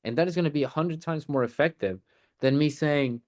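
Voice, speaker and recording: A man's voice: on the high side, a little fast, darkish tone. A man coaching a group on a sales call, talking bluntly with lots of swearing. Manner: blunt, swears freely, acts out mock sales lines.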